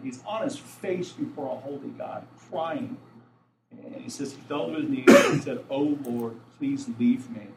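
A man's voice: medium pitch, noisy background. A man preaching a sermon as pastor, talking plainly and asking the congregation questions. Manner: conversational, asks the congregation questions; grows louder and more urgent toward the end. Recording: echoey room, mic from a distance.

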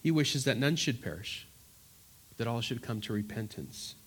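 A man preaching an earnest Bible-teaching sermon, emphatic and repeating words for stress, then dropping to soft, pleading tones. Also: mid-range voice, lively intonation, normal speed, slightly rough. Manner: swings from loud urgency to soft, quiet pleading.

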